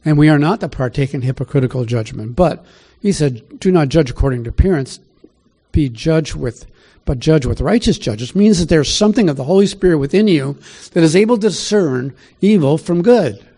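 A man's voice: a little high, expressive, a little fast, warm tone, breathy edge. A man preaching a conversational sermon, reading scripture aloud and asking his listeners questions along the way. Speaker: pastor. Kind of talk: sermon Bible teaching.

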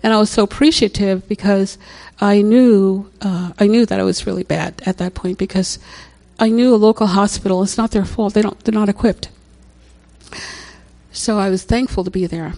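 A woman's voice: mid-range voice, fairly even intonation, moderate pace, gravelly, mellow. An older woman telling a personal story in a chatty way, often laughing and repeating herself. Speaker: speaker sharing a testimony. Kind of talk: personal story, casual testimony.

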